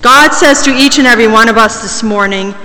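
A woman preaching a sermon in a large church, measured and slowing down to stress key words. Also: a little high, bright, forceful tone. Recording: long reverb of a large church.

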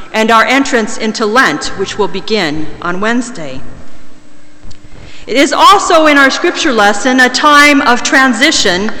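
A woman preaching a sermon in a large church, measured and slowing down to stress key words. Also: a little high, bright, forceful tone. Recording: long reverb of a large church.

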